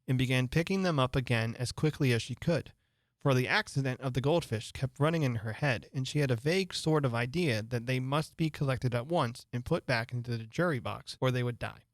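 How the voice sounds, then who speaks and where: Man, storybook narrator, steady reading, mid-pitched voice, dry close sound. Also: fairly quick, no echo. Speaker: host and reader.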